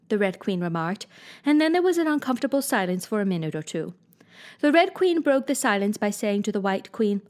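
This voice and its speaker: Expressive woman reading a storybook aloud. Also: medium pitch, a little fast. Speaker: reader.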